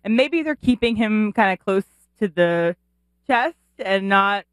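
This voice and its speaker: A woman's voice: medium pitch, dry recording, poor audio. Chatty woman producer on sports radio. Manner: chatty, quick to laugh, restarts when excited. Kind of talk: casual sports talk.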